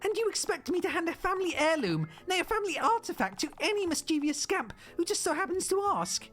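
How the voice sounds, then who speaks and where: A woman's voice: very high-pitched, very animated, quick pace, fairly bright tone, soft background music, pitched above the performer's own voice, heavily acted. A woman voicing a haughty, villainous female cat mayor in a game, with grandiose, sneering speech. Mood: scornful. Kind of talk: reading a game's dialogue aloud.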